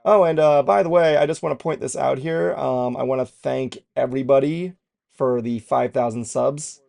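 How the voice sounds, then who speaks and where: A man's voice: medium pitch, normal speed, creaky, darkish tone. A man co-hosting a trailer reaction show in casual chat, rambling and self-deprecating and swearing freely as he goes.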